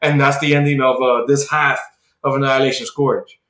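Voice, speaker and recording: A man's voice: mid-range voice, level tone, fairly quick, fairly bright tone. A man co-hosting a podcast, eagerly recapping a comic plot in casual chat, full of "like" and restarts. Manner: rambling comic recap, heavy use of "like". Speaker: podcast co-host. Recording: roomy echo.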